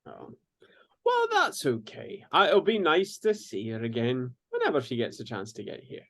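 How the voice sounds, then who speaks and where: A man playing a character in a tabletop game, hesitant and halting, with many fillers. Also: medium pitch, wildly swooping pitch, fairly bright tone. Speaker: player.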